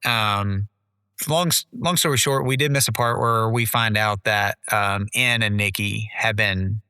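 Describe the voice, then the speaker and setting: A man's voice: on the low side, a little slow, sharp tone, smooth, no echo, studio quality. A man co-hosting a podcast, reviewing a film in loose casual chat and saying "dude" and "like" a lot. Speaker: podcast co-host.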